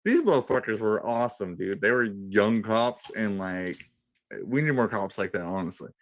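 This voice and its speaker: A man's voice: lowish voice, normal speed, no room sound. A man in his thirties on a radio panel, telling a crude, rambling story full of swearing. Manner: profane, rambling, animated storyteller. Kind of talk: casual crude banter and storytelling.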